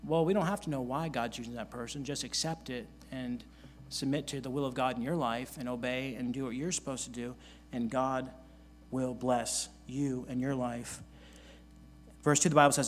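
A man's voice: medium pitch, fairly even intonation, moderate pace, slight background noise. Earnest male pastor preaching scripture. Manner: earnest preaching, reading scripture aloud in old-fashioned wording; repeats key phrases for emphasis. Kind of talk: sermon.

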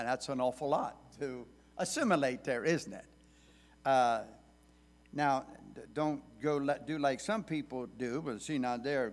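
A male preacher giving a sermon, speaking deliberately and pausing on fillers, rising and pressing harder when he reads scripture. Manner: measured, deliberate delivery with hesitant fillers; rises in pitch and force when reading scripture aloud.

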